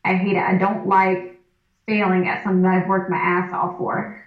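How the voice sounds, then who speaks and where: A woman's voice: medium pitch, flat delivery, moderate pace, far from the mic. A woman powerlifter and schoolteacher talking bluntly in a casual interview, with lots of "like" and easy laughter. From United States. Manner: candid, blunt, laughs easily, filler "like". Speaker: guest, competitive powerlifter; first grade teacher. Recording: echoey room, off-mic, dull sound.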